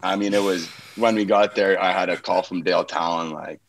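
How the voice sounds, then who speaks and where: A man from Canada, guesting on a podcast, with a low voice. He talks in a laid-back, self-mocking way in casual interview chat. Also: fairly even intonation, fairly quick, a little hiss or hum. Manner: easygoing, self-mocking storyteller. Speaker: guest, pro hockey player.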